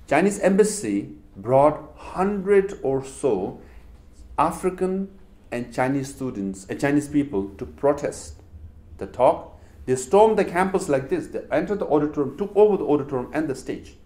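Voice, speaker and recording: A middle-aged man with a Tibetan accent, giving a public talk to a university audience and telling stories with rhetorical questions. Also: fairly high pitch. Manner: animated storytelling with rhetorical questions. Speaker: public speaker.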